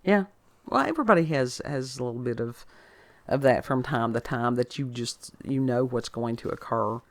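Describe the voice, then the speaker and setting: A woman's voice: a bass voice, lively intonation, normal speed, dry recording. A woman hosting a casual podcast chat, folksy and rambling, often repeating words. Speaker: podcast host.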